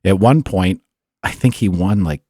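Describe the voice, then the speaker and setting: Man, low voice, lively storyteller, dry studio sound. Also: a little slow, dry recording. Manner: animated storyteller, laughs often, acts out quotes. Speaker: podcast co-host. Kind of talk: casual storytelling chat.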